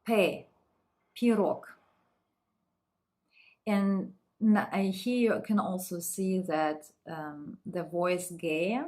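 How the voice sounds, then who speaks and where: A woman teaching a beginners' language lesson, reading each word and its translation slowly and repeating it. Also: on the low side, darkish tone. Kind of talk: slow, deliberate lesson reading words aloud.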